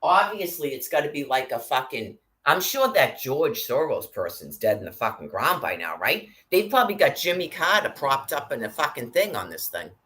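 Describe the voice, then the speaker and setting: Woman, angry rant, constant cursing, bright cutting voice. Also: very deep voice, sing-song, normal speed, hardly any pauses, poor audio. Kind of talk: angry profane rant to camera.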